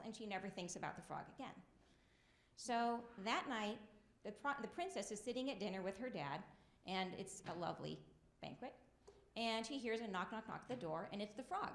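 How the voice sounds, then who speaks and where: A woman giving a conversational talk to a spiritual gathering, her voice sitting a little high. She often checks in with the room by asking "right?". The sound is roomy and echoing. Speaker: speaker at a spiritual summit. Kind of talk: storytelling talk. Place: event room. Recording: roomy echo.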